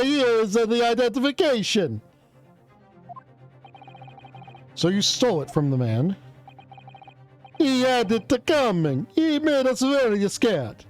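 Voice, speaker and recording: A man voicing a boastful, theatrical Italian witness with a put-on Italian accent, telling his story with showy, dramatic pauses. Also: high voice. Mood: defiant. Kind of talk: voicing game characters.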